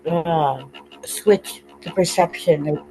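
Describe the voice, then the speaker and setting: A woman on a video call, sharing openly and tearfully, halting often and laughing through her tears. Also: low-pitched, darkish tone, faint music behind, rough recording. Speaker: participant in an online group call. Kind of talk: emotional open sharing.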